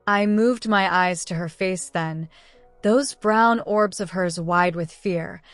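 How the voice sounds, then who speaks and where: A woman's voice: mid-range voice, no echo. Woman narrating an emotive audiobook. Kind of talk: scripted first-person narration.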